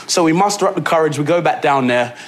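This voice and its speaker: A man with a London accent telling an animated story as an actor in an interview clip. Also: a little high. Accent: London English. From England. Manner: lively storytelling, quick bursts. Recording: clip with loud crowd and noise.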